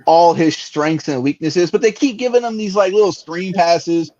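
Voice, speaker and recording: High-voiced man ranting about football. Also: moderate pace, darkish tone, lo-fi sound. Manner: casual, slangy, frustrated rant. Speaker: podcast co-host. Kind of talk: casual sports talk.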